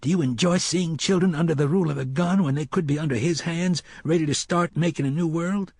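A man narrating voices a weary, grim male cook who speaks gruffly and tiredly. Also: fairly high pitch, a little fast, a little mellow, no room sound, clean studio sound, pitched above the performer's own voice.

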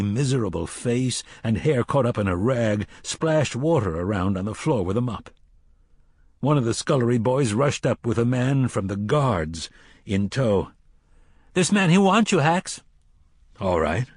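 A man narrating a story in a measured storytelling voice, raising his voice for the characters' lines. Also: medium pitch, a little mellow, no echo, studio quality. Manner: measured storytelling, lifts voice for dialogue. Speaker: audiobook narrator.

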